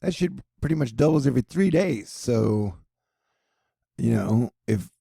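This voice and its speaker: A man rambles through joking weather commentary in a gravelly, husky voice. His tone is dark and mellow, recorded close and dry with no room sound. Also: mid-range voice, lively intonation, unhurried, no echo. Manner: joking, rambling, many asides. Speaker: weather and news video host.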